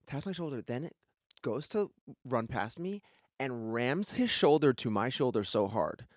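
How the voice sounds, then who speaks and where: A man co-hosting a podcast, telling stories in a casual chat with lively swearing. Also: mid-range voice, no room sound, studio quality. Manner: rapid, animated storytelling with lots of swearing. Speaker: podcast co-host.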